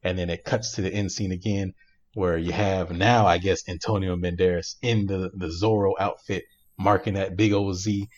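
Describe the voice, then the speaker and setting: A low-voiced man tells a movie plot in a loose, animated way, with lots of fillers, and he laughs often. He is co-hosting a casual podcast. The sound is dull and lo-fi. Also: normal speed. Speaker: podcast co-host. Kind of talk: casual chat, recapping a movie.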